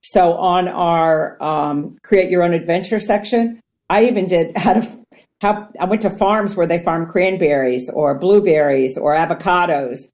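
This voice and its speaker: Earnest, animated woman from Ohio, a guest teaching mindfulness, with a low, mellow voice. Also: a little slow. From Ohio, United States. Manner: earnest, animated, acts out quotes. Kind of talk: conversational teaching.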